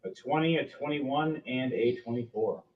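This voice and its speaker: A man narrating a tabletop game as game master, animated and quick to slip into character voices. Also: medium pitch, echoey room, distant mic. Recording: dull lo-fi sound, mic set back.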